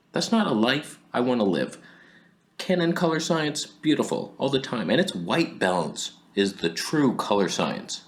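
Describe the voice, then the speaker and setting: Sarcastic, animated male camera reviewer. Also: mid-range voice, measured pace. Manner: sarcastic, swings between whispers and outbursts. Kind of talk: comedic camera review monologue.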